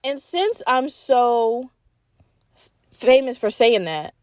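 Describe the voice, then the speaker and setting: A young adult woman hosting a solo podcast, talking in a rambling, blunt, swear-heavy casual rant with bursts of fast, animated talk. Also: fairly high pitch, no room sound, studio quality. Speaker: podcast host.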